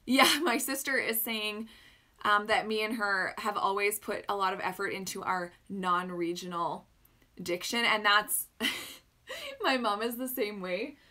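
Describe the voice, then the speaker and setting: A woman's voice: medium pitch, lively intonation, measured pace, bright, forceful tone. A woman from Canada chatting casually on a live stream, reading out and answering viewer comments over a phone mic. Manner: chatty, reads out and responds to comments.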